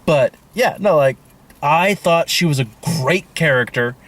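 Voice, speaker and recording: A man's voice: on the high side, lively intonation, a little slow, fairly bright tone. A man co-reviewing a film in casual chat, mostly giving short agreeing replies and dry asides.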